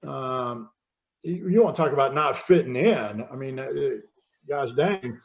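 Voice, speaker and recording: A man in his fifties, a podcast guest, candidly telling his own recovery story in a halting way that often repeats words. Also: mid-range voice, expressive, dull audio.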